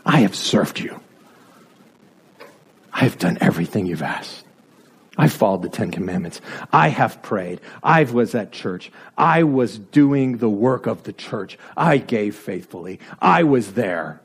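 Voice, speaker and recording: A man's voice: fairly low pitch, expressive, unhurried, husky, voice pushed down, heavily acted. A preacher acting out a resentful, dutiful young elder brother who lists his good deeds in an aggrieved, self-righteous way.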